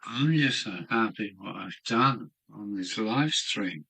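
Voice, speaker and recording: Slow, bright-toned tipsy English man. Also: lowish voice, expressive, vocal fry, breathy edge, poor audio. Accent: southern English. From southern England. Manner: rambling, chants and repeats phrases in a sing-song way. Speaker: model railway live streamer. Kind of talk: rambling solo live stream chat. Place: home hobby room.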